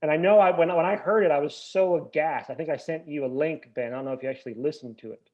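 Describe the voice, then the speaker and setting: A man chats as a podcast guest, ranting with animated, mock-indignant energy. His voice sits a little high for a man. The sound is dull and lo-fi. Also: fast talker. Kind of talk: casual podcast chat.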